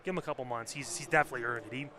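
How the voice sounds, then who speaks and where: A man's voice: mid-range voice, very fast, pushed and bright, a little hiss or hum. A man co-hosting a wrestling podcast in casual chat, blunt and swearing freely. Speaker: podcast co-host.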